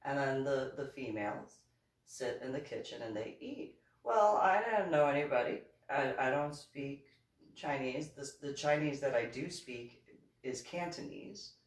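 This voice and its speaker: A middle-aged woman spins a rambling personal story at an unhurried pace. Her tone is wry and sarcastic, with frequent chuckles and restarted sentences. Her voice sits back from the mic in a roomy space. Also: extremely low pitch, lively intonation. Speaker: author and reverend. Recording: roomy, voice from a distance.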